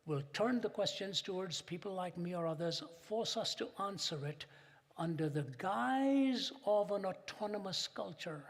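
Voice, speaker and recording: An older man giving a public lecture, an emphatic storyteller who builds to dramatic pauses. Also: high-pitched, lively intonation. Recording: long hall reverb.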